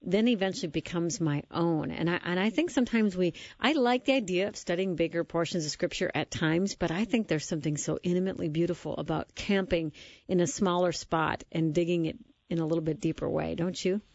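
A woman's voice: on the low side, a little fast, a little mellow, no room sound. A woman hosting a faith interview who speaks in a reflective, encouraging way and reads scripture aloud. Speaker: podcast host. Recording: dull lo-fi sound.

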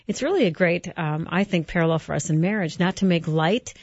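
A woman host with a somewhat low voice responds in an affirming, reflective way and steers the conversation. The sound is dry and close, a bit dull and lo-fi. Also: fast talker, hardly any pauses, a little mellow, no room sound. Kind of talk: radio-style interview hosting.

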